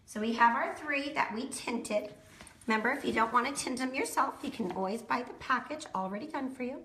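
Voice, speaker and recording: A woman's voice: fairly high pitch, fairly quick, bright, forceful tone, a little hiss or hum. A woman giving a casual how-to painting demonstration, chatting folksily to viewers as she works. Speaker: DIY painting instructor. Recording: roomy echo.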